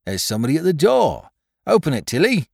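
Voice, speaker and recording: A man's voice: on the high side, huge pitch swings, a little fast, gravelly, breathy edge, no room sound, studio quality, pitched above the performer's own voice, exaggerated voice. A man voicing a good-natured carrier who speaks up heartily. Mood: hearty. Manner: hearty, raised and loud.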